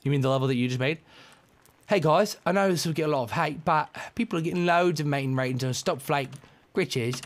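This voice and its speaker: A man giving excitable, frustrated commentary while playing a video game, yelping and ranting. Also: on the high side, fairly quick. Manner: excitable, frustrated, yelps and rants. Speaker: gamer. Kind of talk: gameplay commentary.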